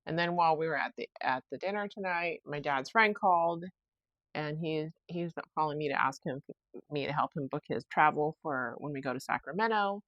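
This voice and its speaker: A woman's voice: low voice, moderate pace, a bit bright, dry recording, lo-fi sound. A young woman hosting a solo podcast, rambling in a chatty, self-reflective way. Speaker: podcast host. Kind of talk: casual solo podcast chat.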